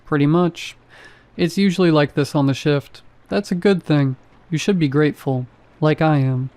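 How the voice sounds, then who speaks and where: Man voicing a flat, bored security guard. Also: fairly high pitch, normal speed, dry recording, natural voice. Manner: flat, almost bored delivery. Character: flat, apathetic male supermarket security guard. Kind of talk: horror story narration.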